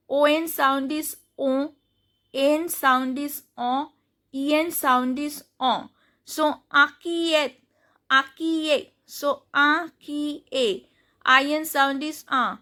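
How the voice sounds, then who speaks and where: A high, bright woman's voice with an Indian English accent. She teaches at an unhurried pace, spelling out letters and repeating each word slowly for her learners. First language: Hindi. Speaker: French teacher. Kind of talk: slow step-by-step pronunciation lesson.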